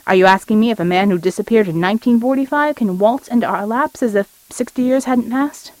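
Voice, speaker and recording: Woman doing a gruff Midwestern male shrink. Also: on the high side, a little fast, no room sound, close to an everyday voice, poor audio. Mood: wry. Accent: Midwestern American. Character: gruff male psychiatrist, ex-commander.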